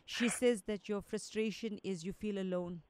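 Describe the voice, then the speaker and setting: A woman's voice: mid-range voice, steady tone, moderate pace, a little mellow, smooth, dry recording. Brief: woman, radio psychic, direct and soothing, dry close studio sound. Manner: direct, reassuring, relays messages as quotes. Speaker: resident psychic medium. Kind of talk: radio call-in psychic readings.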